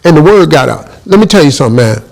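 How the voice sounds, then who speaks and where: A middle-aged man telling a comic story in a lively way, acting out quotes and exclaiming as he goes. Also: a little high, racing, creaky, low-quality recording.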